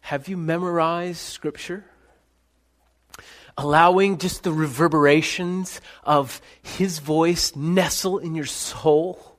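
A man delivers a sermon at an unhurried, measured pace. His voice sits a little on the high side, and he moves between quiet, intimate questions and loud, ringing calls. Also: steady tone. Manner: dramatic shifts between soft and loud, calling out names. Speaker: pastor.

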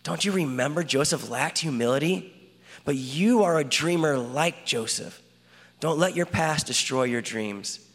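A man's voice: a little high, a little slow. A man voicing God as a loving fatherly creator in a spoken-word dramatic monologue, talking earnestly and intimately to one listener. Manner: earnest, intimate direct address. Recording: long hall reverb.

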